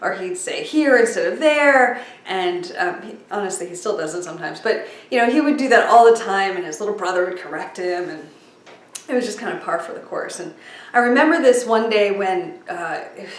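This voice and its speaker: A middle-aged woman talking casually about breathing and slowing down, with lots of fillers and asides. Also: medium pitch, animated. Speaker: speaker sharing breathing tips. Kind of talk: casual storytelling talk. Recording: echoey room, mic at a distance.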